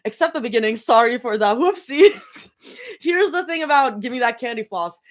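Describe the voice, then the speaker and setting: A young woman chatting casually on a livestream from her bedroom before reading fan fiction, rambling, giggling often and breaking into excited yelling. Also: fairly high pitch, moderate pace. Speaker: fanfic livestream reader.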